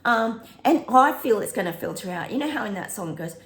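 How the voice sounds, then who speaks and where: A woman's voice: on the high side, big pitch swings, fairly quick, vocal fry, hardly any pauses, reverberant. A woman hosting a psychic prediction channel, chatting casually to viewers, breaking into bits of song and laughing often.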